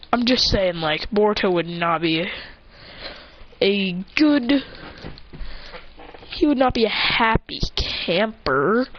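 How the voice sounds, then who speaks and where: A woman improvises a fan-fiction tale in a loose, rambling way, stopping to correct herself and toss in asides. Her voice sits a little high. The recording is somewhat dull and lo-fi. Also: slight background noise. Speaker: fan storyteller.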